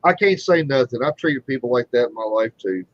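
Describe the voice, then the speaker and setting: A man's voice: medium pitch, animated, a little fast, no room sound. Guy hosting a stream, swears a lot, rambles, voice jumps all over, kinda muffled dry audio. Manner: rambling, profane storytelling. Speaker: livestream host. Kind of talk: casual chat.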